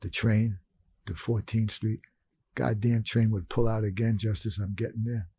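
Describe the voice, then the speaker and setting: An older man from Brooklyn, New York, telling stories as a podcast guest and acting out his past self in sudden higher voices. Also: level tone, moderate pace, mellow, slightly rough, no echo. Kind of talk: storytelling in conversation.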